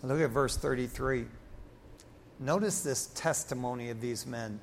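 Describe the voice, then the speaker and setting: A man preaches with animated energy, his voice sitting slightly high as he acts out voices from scripture. The sound carries a long reverb from a large church hall. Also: normal speed. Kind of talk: sermon.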